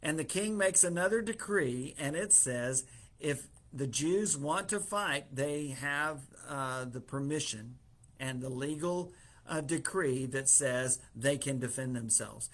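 A man's voice: medium pitch, expressive, takes it slowly, a bit bright. A man preaching in a casual way, retelling a story through quoted dialogue with fillers and small chuckles.

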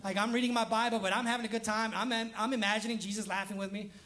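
Young guy pastor with a high voice, joking around in his sermon and laughing a lot. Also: fairly even intonation, fast, sharp tone. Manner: playful, laughs often, acts out quoted voices. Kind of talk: casual humorous sermon.

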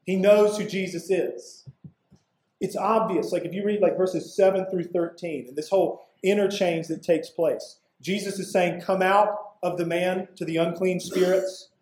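A man with a high voice preaches in a conversational way, breaking into casual asides and leaning on emphatic pauses. His voice rings through a roomy, echoing church sanctuary. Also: steady tone, darkish tone. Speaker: pastor. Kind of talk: expository sermon. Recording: echoey room.

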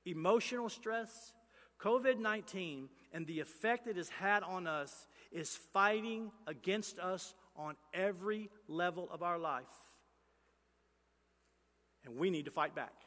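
A male pastor, preaching a sermon with emphatic, repetitive lines that swing between loud and hushed. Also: high-pitched, unhurried, in a large hall.

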